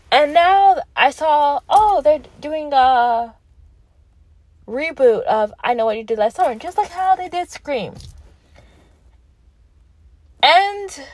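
A woman's voice: fairly high pitch, no echo. A young woman with a Canadian accent giving a chatty, emphatic movie review from her parked car. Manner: chatty and emphatic, self-deprecating. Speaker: vlogger. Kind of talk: casual movie review vlog.

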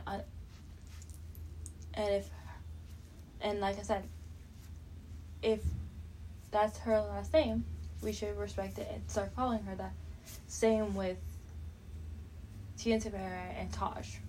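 A woman's voice: mid-range voice, flat delivery, slow pace, long pauses, a little mellow, slight background noise, low-quality recording. A young French Canadian woman hosting a podcast, rambling and indignant, with many fillers and restarts. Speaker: podcast host. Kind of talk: casual monologue.

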